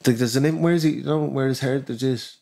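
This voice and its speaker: A man's voice: medium pitch, fast talker, vocal fry, dark tone. A man with a Dublin accent, a rapper guest on a podcast, chatting casually and telling stories animatedly, swearing freely. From Ireland.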